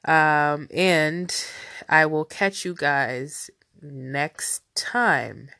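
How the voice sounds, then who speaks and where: A woman's voice: deep voice, very slow, sharp tone, no room sound, studio quality. A woman with a nasal, stuffy voice, hosting a casual solo news podcast in a rambling, chatty way with many fillers. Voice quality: nasal from a cold. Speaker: podcast host.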